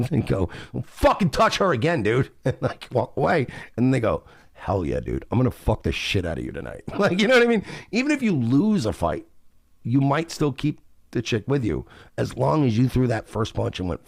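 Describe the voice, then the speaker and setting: A man's voice: mid-range voice, vocal fry, darkish tone, no echo, studio quality. A male podcast host in a crude, rambling monologue full of swearing, acting out what other people say. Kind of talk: casual monologue.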